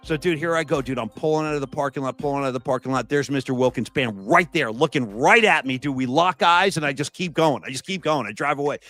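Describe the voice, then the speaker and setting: A man hosting a podcast, telling stories in a casual, animated way and saying "dude" often. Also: a little high, quick pace, few pauses, dry recording, faint music behind. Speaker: podcast host.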